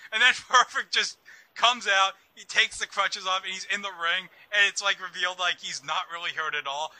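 A man's voice: sits high, steady tone, normal speed, pushed and bright, dry recording, poor audio. A man co-hosting a casual wrestling talk show, eager and rambling. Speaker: wrestling podcast co-host. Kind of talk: casual chat.

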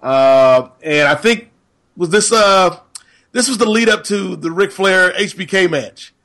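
A man's voice: sits high, animated, unhurried, sharp tone. Conversational male podcast co-host. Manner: thoughtful, conversational with fillers. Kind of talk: casual chat.

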